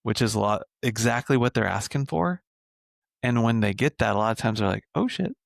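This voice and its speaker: In a podcast interview, a men's coach speaks casually and fairly quickly, often ending points with "right?" and now and then swearing. His lowish voice is creaky, and the studio sound is clean with no echo.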